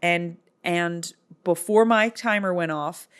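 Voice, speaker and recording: Woman vlogger, lowish voice, casual sarcastic movie recap. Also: takes it slowly, clear, resonant tone. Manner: sarcastic, jokey storytelling.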